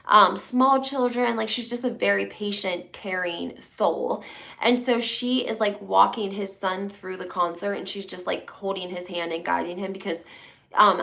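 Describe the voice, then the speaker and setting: A woman hosting a loose gossip chat, her voice catching in a gravelly fry at the ends of phrases. She rambles along with lots of fillers and restarts. Her pitch sits in the middle for a woman. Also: a bit bright. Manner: chatty, rambling, many fillers. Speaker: host. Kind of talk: casual reality TV gossip chat.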